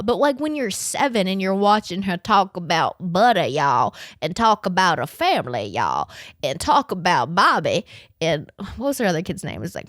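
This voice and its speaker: Recorded dry at studio quality, a woman in her twenties speaks in a mid-range voice while hosting a podcast. It's casual, animated talk where she swears, laughs a lot, and trips over words when reading aloud.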